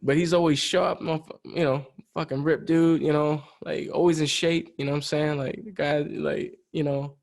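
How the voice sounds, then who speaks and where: A middle-aged musician talks casually, winding through his stories with lots of "you know" and restarts. His voice is a little high and has a gravelly fry to it. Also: flat delivery, normal speed, hardly any pauses, darkish tone. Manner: rambling storyteller, heavy fillers, frequent "you know". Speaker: podcast guest, musician. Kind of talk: casual chat.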